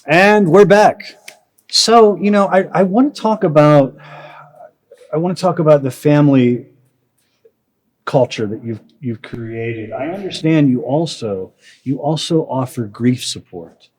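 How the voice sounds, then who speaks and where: A man's voice: on the high side, a little slow, a little mellow. A man hosting an interview, asking friendly questions that stumble over repeated words. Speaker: interview host. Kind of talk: conversational interview.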